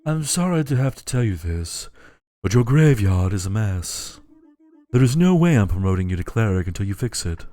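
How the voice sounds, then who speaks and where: A man's voice: on the low side, sing-song, moderate pace, mellow, voice pushed down. Man doing a weary pompous old bishop. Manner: sighing, condescending.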